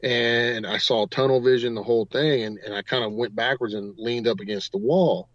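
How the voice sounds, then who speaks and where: A man's voice: medium pitch, fairly even intonation, moderate pace, no echo. A man, a paranormal investigator, telling a long story as a guest on a talk radio show, rambling on from one "and" to the next. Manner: rambling storyteller, strings clauses with "and". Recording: dull, dry lo-fi audio.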